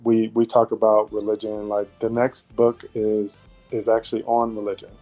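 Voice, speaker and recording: A man's voice: lowish voice, monotone, normal speed, dark tone, faint music behind. A man speaking as a guest on a podcast, talking loosely in casual conversation with lots of "you know" and "like". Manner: rambling, many "you know" and "like" fillers.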